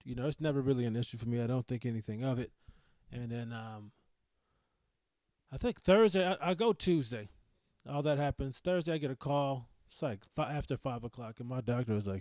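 Male podcast host, mellow tone, dry close sound, rambling and profane. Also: medium pitch, brisk, no echo. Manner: rambling, profane, full of restarts. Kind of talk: casual storytelling monologue.

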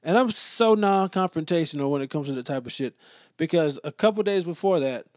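A man's voice: expressive, a little fast, darkish tone, dry recording, studio quality. Profane exasperated man telling a story. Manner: drops to low mutters in asides. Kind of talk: casual storytelling rant.

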